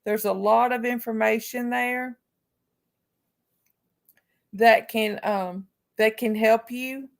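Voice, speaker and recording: A woman hosting a casual live stream speaks to her chat viewers in a slightly high voice with a gravelly edge. Her talk is slow and unhurried, and she comes across as outspoken and heartfelt. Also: fairly even intonation. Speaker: livestream host.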